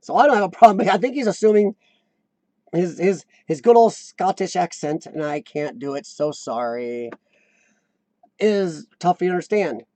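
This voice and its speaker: Brief: American man hosting a live chat stream, high-pitched, rambling and talkative, dry close mic. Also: animated, normal speed, warm tone, dry recording. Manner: chatty, rambling, reads chat aloud.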